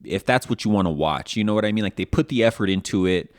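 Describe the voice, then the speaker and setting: Man co-hosting a podcast, rambling and profane, low voice, dry close sound. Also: expressive, fast, no room sound. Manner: rambling, profane, full of fillers and restarts. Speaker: podcast co-host. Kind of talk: casual chat.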